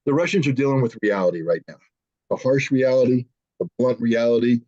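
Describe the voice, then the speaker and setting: A man talks bluntly and emphatically, in a husky voice. The audio comes through a muffled, lo-fi call. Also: mid-range voice, expressive, brisk, darkish tone. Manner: blunt and emphatic, mimics politicians in raised voices. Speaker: guest analyst. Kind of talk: conversational political commentary.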